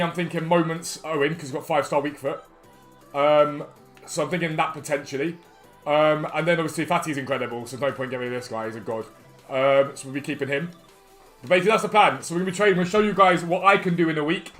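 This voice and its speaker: Upbeat male game streamer, rapid-fire chatty delivery, a touch higher-pitched than most men. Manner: upbeat, greets chat viewers one by one. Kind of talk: live stream chat over gameplay.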